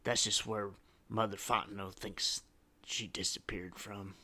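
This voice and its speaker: A man's voice: fairly low pitch, level tone, unhurried, pushed and bright, voice pushed down, exaggerated voice. A man voicing a drunk, fed-up male villager who rambles on and complains. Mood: grumbling.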